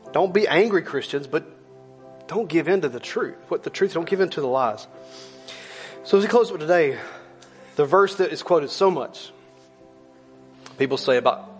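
A middle-aged male pastor preaching a sermon in a church, emphatic and conversational, repeating lines and slowing down low on key words. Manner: rises loud for emphasis, drops low and slow on key words.

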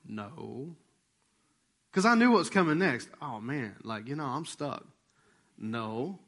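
A pastor tells a personal story during a sermon, casual and animated, with a fairly high voice and a brisk delivery. He acts out conversations he remembers and lowers to a hush for tender moments.

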